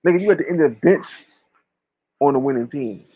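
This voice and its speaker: A man's voice: a little high, expressive, a little fast, slightly rough, muffled recording. A man talking casually but with fiery emphasis, preaching and swearing freely. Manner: emphatic, preachy, profane, uses slang. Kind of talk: impassioned casual talk.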